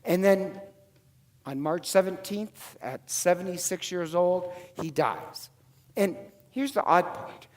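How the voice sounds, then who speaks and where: Irish priest with a high voice, echoing church. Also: male voice, lively intonation, slow, a little mellow. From Ireland. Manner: conversational storytelling with frequent fillers and self-corrections. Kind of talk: homily. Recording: church hall reverb.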